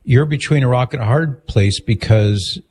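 A man hosting a radio call-in show, asking calm, measured questions and summing up what he hears. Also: medium pitch, slight background noise. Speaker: radio host.

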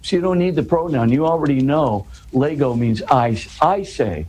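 A man's voice: medium pitch, lively intonation, moderate pace, a little mellow, a little hiss or hum, low-quality recording. A man, a guest in an interview, explaining scripture in earnest conversation. He restarts and repeats words, tags his points with "right?" and builds to emphatic questions.

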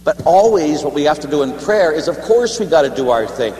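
A male priest gives a sermon in a relaxed, conversational way, joking as he tells a story. His voice rings through a roomy church with a long reverb tail. A faint hum sits under it. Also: a little high, fairly quick. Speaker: Catholic priest.

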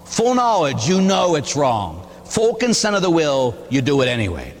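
A man, a Catholic priest, preaching a sermon in a conversational, animated way, with rhetorical questions and a touch of humor. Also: fairly high pitch, normal speed, big-room sound.

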